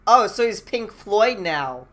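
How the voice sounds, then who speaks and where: A woman streamer giving relaxed, chatty commentary over a game and laughing easily. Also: mid-range voice, slow. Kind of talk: casual live-stream commentary.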